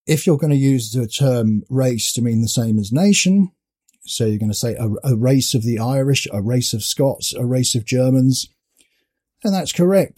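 Male commentator, dark mellow tone, measured explanatory delivery, talking through a speech. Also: mid-range voice. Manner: measured, explanatory, pausing to think. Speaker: political commentator. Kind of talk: spoken commentary on a political speech.

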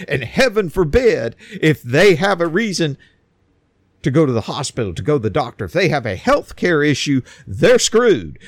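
A man's voice: a little high, no room sound, studio quality. A man delivering an emphatic opinion monologue, often repeating words as he builds his points.

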